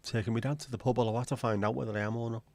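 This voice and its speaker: A man's voice: medium pitch, fairly even intonation, racing. A man hosting a livestream, chatting casually and rambling from one joke to the next as he addresses his viewers. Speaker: livestream host.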